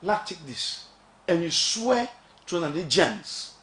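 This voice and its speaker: Sierra Leonean male lawmaker, slightly high voice, emphatic, rhetorical, echoey room. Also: big pitch swings, a little slow, a bit bright. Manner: emphatic, rhetorical questions, mixes Krio phrases. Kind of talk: radio talk.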